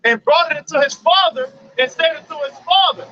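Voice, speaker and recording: High, bright man reading scripture. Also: brisk. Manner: steady reading with short "yep" responses. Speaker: scripture reader. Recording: dull, lo-fi mic with faint noise.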